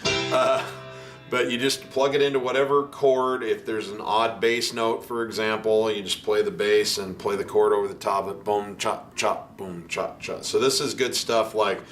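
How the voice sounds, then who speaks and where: A man teaching piano in a relaxed, chatty way, counting beats aloud as he explains. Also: on the low side, moderate pace. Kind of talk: casual instructional talk at the piano. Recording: piano music under the voice. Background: piano playing.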